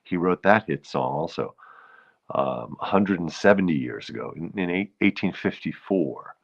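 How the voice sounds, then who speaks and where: A man's voice: low-pitched, expressive, moderate pace, creaky, lo-fi sound. A man with a New York accent, from the Bronx, hosting a casual live stream, rambling and greeting viewers between thoughts. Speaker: host.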